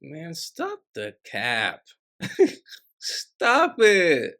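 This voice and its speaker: A man reacting to a video, teasing loudly with slang and laughter. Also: a little high, wildly swooping pitch, extremely slow. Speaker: reaction host.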